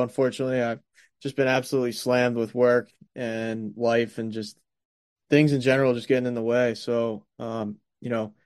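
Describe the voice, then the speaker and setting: A man with a raspy voice hosting a casual sports podcast, rambling with lots of fillers and restarts, just over a stomach bug. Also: medium pitch, a little mellow, dry recording, clean studio sound. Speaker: podcast host.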